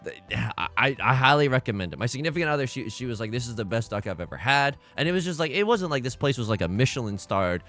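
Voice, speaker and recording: A young man chatting casually and telling a story while he plays a game, animated and quick to laugh and exclaim. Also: mid-range voice, soft background music. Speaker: gaming video creator.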